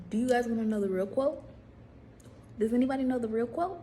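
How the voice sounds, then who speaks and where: A woman, casually preaching to viewers in a vlog, animated, repeating herself and putting questions to the audience. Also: fairly high pitch, fairly quick, long pauses, slight background noise. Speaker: faith vlogger.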